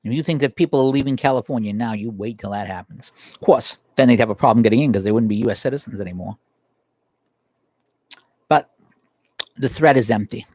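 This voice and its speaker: A man hosting a political livestream, delivering a heated, emphatic monologue that climbs in pitch as he gets worked up. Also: a little fast, pauses often, darkish tone, no echo. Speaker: political talk show host. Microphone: livestream desk microphone.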